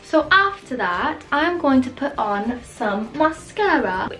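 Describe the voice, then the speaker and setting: A woman's voice: sits high, sing-song, slow, a bit bright, faint music behind. A woman narrating a makeup tutorial step by step in a matter-of-fact way. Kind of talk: instructional narration.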